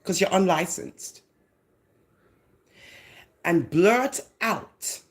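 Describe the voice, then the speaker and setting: A woman with a Jamaican accent giving a sarcastic, mocking commentary rant on her vlog. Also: medium pitch. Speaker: social media commentator.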